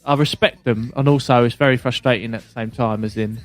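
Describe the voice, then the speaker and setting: A man's voice: mid-range voice, fairly even intonation, a little fast, dry recording, faint music behind. A man hosting a podcast, chatting casually, swearing freely and acting out both sides of conversations. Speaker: podcast host. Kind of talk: casual chat.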